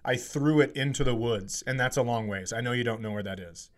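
A comedian in his forties co-hosts a podcast, telling a story in casual chat with a mid-range voice at a brisk pace. He swears and gets animated as he acts out a heated argument.

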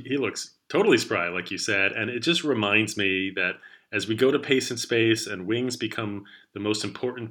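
A man's voice: on the low side, bright, forceful tone. A man hosting a sports podcast, running the show in an upbeat, casual way. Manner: upbeat, leads the talk with rundowns. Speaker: podcast host.

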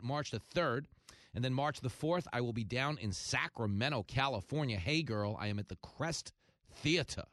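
A man hosting a talk radio show in a fast, jokey monologue, breaking into loud comic bursts. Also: medium pitch, dry recording, studio quality.

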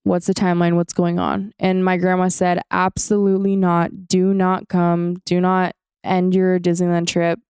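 A young woman co-hosting a podcast, telling stories in a casual, animated way and acting out the quotes. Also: fairly low pitch, normal speed, few pauses, clean tone, no room sound. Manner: animated storytelling, acts out quotes. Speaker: podcast co-host. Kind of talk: casual chat.

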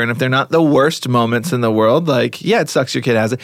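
Earnest rambling dad, dry mic. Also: male voice, medium pitch, a little fast, no room sound. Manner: earnest and rambling, many restarts. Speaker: podcast co-host. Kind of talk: casual chat.

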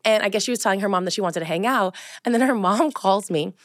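A woman's voice: medium pitch, fast talker, no echo. New jersey woman in her 30s, podcast cohost, swears a lot, dry close mic. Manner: blunt, swears freely, animated retellings. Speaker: podcast co-host. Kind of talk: casual chat.

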